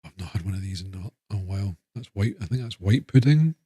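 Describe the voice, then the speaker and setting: A man's voice: deep voice, expressive, a little fast, mellow, breathy edge, dry recording, studio quality. A man with a Scottish accent, chatting casually and rambling on a live stream. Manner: chatty, rambling, self-interrupting.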